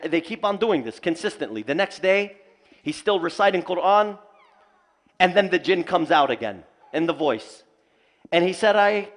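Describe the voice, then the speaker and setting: A man teaching at a community center, telling stories with humor and lively asides. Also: sits high. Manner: animated storytelling with humor. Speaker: Islamic teacher. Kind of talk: community lecture. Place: mosque community hall.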